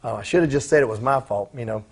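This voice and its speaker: Fast-talking gravelly man swearing. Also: mid-range voice. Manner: profane, acts out quoted voices in his stories. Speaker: former pro wrestler, interview guest. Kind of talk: casual storytelling in a shoot interview.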